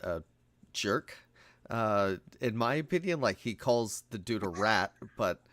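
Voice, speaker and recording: A man's voice: fairly low pitch, expressive, takes it slowly, a bit bright, no room sound. A man chatting casually on a podcast, making wry, contrarian remarks. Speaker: podcast co-host. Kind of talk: casual chat.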